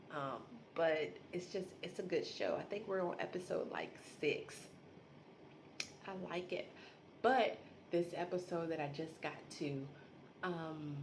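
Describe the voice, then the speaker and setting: A woman's voice: on the low side, a little hiss or hum. A woman hosting a casual solo podcast from home, rambling, laughing often and talking to listeners as y'all. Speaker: podcast host.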